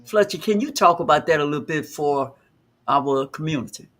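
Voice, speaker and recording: A man's voice: on the high side, fairly quick, fairly bright tone. A man co-hosting a live discussion show, stressing his words with emphasis. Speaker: co-host of a live talk show.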